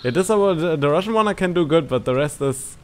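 A man hosting a gaming channel, chatting casually while playing with a friend, excitable and quick to shout and laugh. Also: a little high, clear, resonant tone. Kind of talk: casual gameplay commentary with a squadmate.

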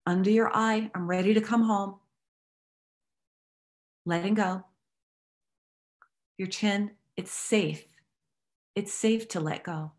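A woman leading a guided tapping exercise, giving calm step-by-step instructions and affirmations to repeat. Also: medium pitch, slow pace, pauses often. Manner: calm instructive guiding, repeat-after-me phrasing; affirming, uplifting delivery. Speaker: recovery workshop facilitator.

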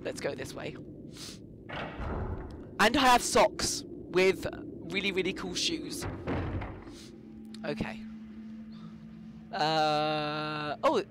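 A man's voice: a little high, drawn-out words, long pauses, noisy background. A young man giving rambling, jokey commentary while playing a game and talking back to its ghosts. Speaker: let's play gamer. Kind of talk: casual gameplay commentary.

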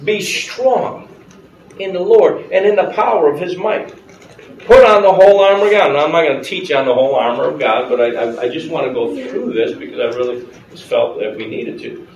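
A man's voice: a little high, fairly quick. A man preaching a conversational sermon as pastor, asking the congregation questions and laughing often. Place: church sanctuary with congregation. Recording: roomy church sound, mic at a distance.

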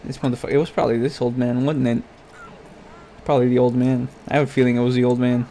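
Talking quickly with little pitch movement, a man at medium pitch delivers foul-mouthed Let's Play commentary, his tone mellow. This gaming YouTuber keeps swearing and yelling at his character, with a bit of background noise present.

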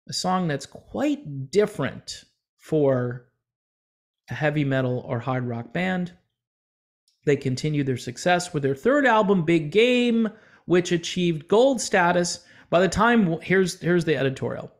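A man's voice: a little high, expressive, unhurried. A middle-aged man hosting a music commentary channel, ranting casually with sarcastic, mocking outbursts.

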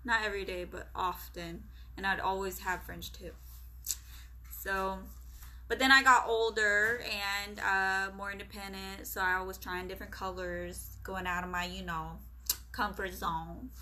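Bright-voiced flirty woman on a livestream. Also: mid-range voice, steady tone, a little slow. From Philippines. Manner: flirty and teasing, often dropping to a hushed voice. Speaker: livestream host. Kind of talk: casual live-stream chat, reading comments aloud.

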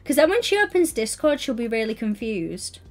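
A woman's voice: a little high, big pitch swings, moderate pace, over music. A young woman streaming, chatting casually and teasingly while building in a game. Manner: teasing, giggly, playful.

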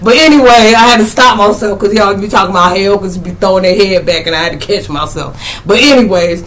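Animated woman telling stories with laughs. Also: fast talker, slight background noise, poor audio. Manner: animated, laughs often, acts out quotes in high squeals. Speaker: spiritual vlogger. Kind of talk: casual storytelling monologue.

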